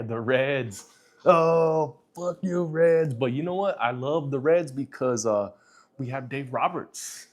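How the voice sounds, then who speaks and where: Middle-aged man, easygoing stream host, loose and profane, ordinary mid-range voice. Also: medium pitch. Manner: laid-back, loose and profane, with frequent fillers. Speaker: livestream host answering chat. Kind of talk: casual livestream chat.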